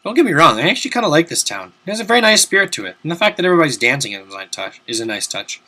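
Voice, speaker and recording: Young male gamer, bright voice, rambling casual commentary with loud swearing outbursts. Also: a little high, very animated, rapid-fire. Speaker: let's play commentator. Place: home room at his desk.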